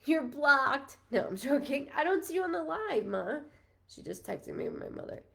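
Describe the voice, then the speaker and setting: A woman's voice: high voice, very animated, moderate pace, creaky, a bit bright. A woman in her thirties from New York, a psychic medium giving a live-streamed reading in a chatty, rambling, apologetic and emotional way. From New York, USA. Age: 30s.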